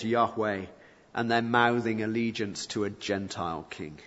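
A man's voice: fairly low pitch, a little slow. A man preaching a sermon, explaining a passage verse by verse with rhetorical questions and rising emphasis. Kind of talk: expository sermon. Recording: muffled reverberant hall recording.

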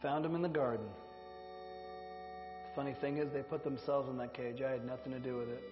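An actor playing a sly male devil in a skit, smug and taunting, drawling in a low voice, on a dull echoey hall recording with music. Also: steady tone, fairly quick, natural voice. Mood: smug, menacing. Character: sly male devil trading in caged souls.

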